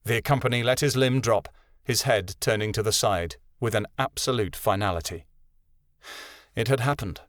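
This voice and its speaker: A man reading a fantasy audiobook in a measured, dramatic narration. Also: lowish voice, no echo, clean studio sound.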